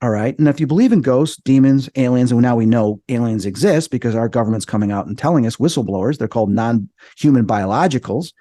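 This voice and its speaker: A man appearing as a podcast guest, telling a story in an excitable, animated way. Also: quick pace, hardly any pauses, no echo, clean studio sound. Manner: excitable, acts out quoted voices with big jumps in pitch.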